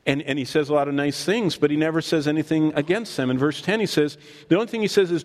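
A man preaching a sermon as pastor, animated and acting out scripture in voices. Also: on the high side, quick pace. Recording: long hall reverb.

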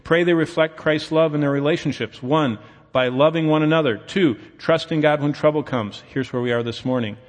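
A man's voice: on the high side, fairly quick, in a large hall. A male pastor preaching a sermon in a conversational, storytelling way, acting out the dialogue of the people in his stories.

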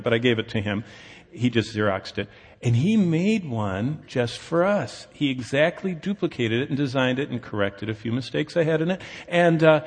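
A man preaches a sermon in a conversational, storytelling way, acting out the dialogue of the people in his stories. His voice sits at an ordinary middle pitch and carries the long reverb of a large hall. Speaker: pastor.

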